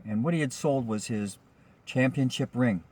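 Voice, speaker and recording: A man's voice: medium pitch, moderate pace, a little mellow, slightly rough. A man, a rideshare driver, telling a personal anecdote in a rambling, chatty way with frequent ums and restarts. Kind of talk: casual spoken anecdote.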